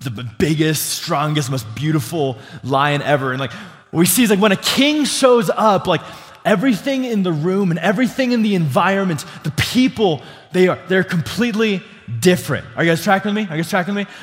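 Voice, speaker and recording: Standing before a congregation in a church sanctuary, a young man who is a pastor delivers a casual sermon in a slightly bright voice on the high side. He stumbles through fillers and restarts, questions the congregation, and invites responses, with long hall reverb on the sound.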